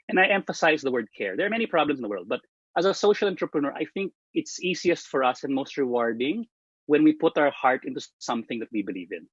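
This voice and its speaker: A man's voice: medium pitch, very animated, quick pace, husky, no room sound. Guy doing a marketing presentation, punchy starts then trailing off, dull dry lo-fi sound. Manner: emphatic, rises at phrase starts and trails off at ends. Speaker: marketing speaker. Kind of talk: presentation talk.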